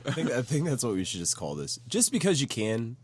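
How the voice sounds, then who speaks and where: A man's voice: medium pitch, wildly swooping pitch, a little fast, a little mellow. A man hosting a bartenders' podcast in casual chat, upbeat and laughing easily. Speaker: podcast host.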